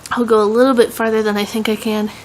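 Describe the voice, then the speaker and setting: A woman's voice: a little high, little pitch movement, fast talker, slight background noise, low-quality recording. A young woman with a Southern US accent, chatting casually in a home vlog, rambling with many "um"s and laughs. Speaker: vlogger.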